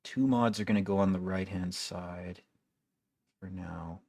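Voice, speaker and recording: A man's voice: deep voice, a little slow, vocal fry, darkish tone, no echo. A young man giving casual gameplay commentary, wry and complaining, swearing freely as he plays. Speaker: gaming video creator.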